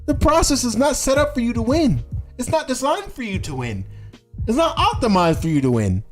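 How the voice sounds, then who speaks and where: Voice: mid-range voice, big pitch swings, brisk, soft background music. A political commentator doing livestream commentary on clips, talking heatedly in casual slang, repeating rhetorical questions and swearing.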